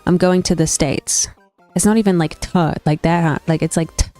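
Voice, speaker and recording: A woman's voice: lowish voice, steady tone, normal speed, dark tone, no echo. A young woman streamer chatting casually with her viewers, opinionated and thinking aloud with frequent restarts. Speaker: gaming streamer. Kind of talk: casual chat reacting to stream chat. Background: faint stream background music.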